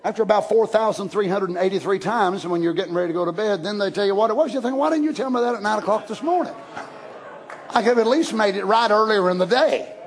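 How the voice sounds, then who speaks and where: Man preaching, very high voice, folksy and fiery, shouts often. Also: fast. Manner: animated, shouting bursts, folksy asides. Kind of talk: Pentecostal-style sermon.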